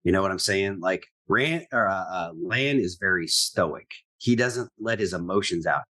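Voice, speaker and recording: A man co-hosting a casual podcast chat, animated and talkative, often slipping into acted-out quotes. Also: deep voice, normal speed. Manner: animated, chatty, acts out quotes. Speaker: podcast co-host.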